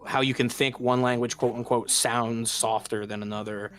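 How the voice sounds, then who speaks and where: A man's voice: mid-range voice, fairly even intonation, normal speed, a bit bright, soft background music. A man hosting a gaming stream, chatting casually and rambling with many fillers and restarts. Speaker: streamer and host. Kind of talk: casual chat while gaming.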